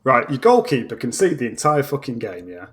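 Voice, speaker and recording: A man's voice: mid-range voice, sing-song, fairly quick, slightly rough. A man with a British accent, originally from Australia, ranting bluntly and swearing constantly as a guest football fan on a casual podcast. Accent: British English.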